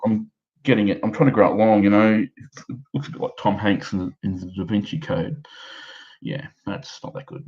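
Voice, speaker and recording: A gravelly, fairly low-voiced Australian man in his thirties rambles through a live stream from home. He is halting and self-deprecating, with fillers and restarts everywhere. The sound is dull and lo-fi, like a cheap home setup. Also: a little mellow. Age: 30s. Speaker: amateur stand-up comedian. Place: his own house.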